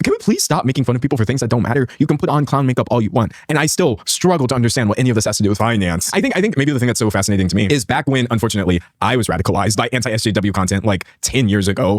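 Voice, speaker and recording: A man's voice: medium pitch, no echo, studio quality. A man in his twenties giving reaction commentary on a video, incredulous and sarcastic. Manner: incredulous, sarcastic, rapid-fire. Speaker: commentary creator.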